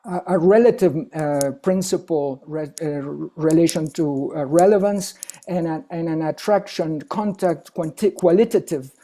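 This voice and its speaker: Mellow-voiced man lecturing with halting restarts. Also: on the high side. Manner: halting, many restarts and "isn't it?" tags. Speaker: guest lecturer. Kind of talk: academic webinar lecture.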